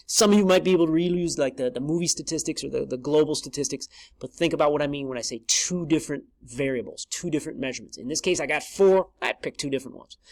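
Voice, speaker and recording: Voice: mid-range voice, no echo. A math instructor talking through a screen-recorded lesson in a casual, chatty way, often stopping to correct themselves.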